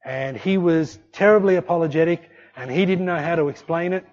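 Speaking a little fast in a fairly high voice, a preacher tells an animated story during his sermon and plays out the voices of those involved. Audio quality is dull and lo-fi.

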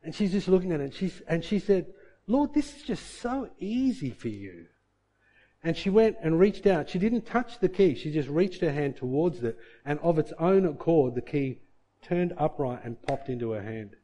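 A man's voice: normal speed, dark tone. A middle-aged man preaching a sermon and telling a story from his own life, acting out his own muttering to himself along the way. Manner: storytelling, acts out his own inner grumbling in a low mutter. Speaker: pastor.

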